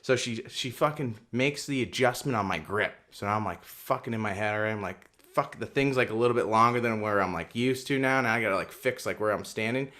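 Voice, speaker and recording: A young man co-hosting a podcast, telling a story in casual chat, swearing a lot and getting loud and worked up as he quotes himself. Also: on the low side, brisk, hardly any pauses. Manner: animated storyteller, swears constantly, gets loud and heated when quoting himself. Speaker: podcast co-host.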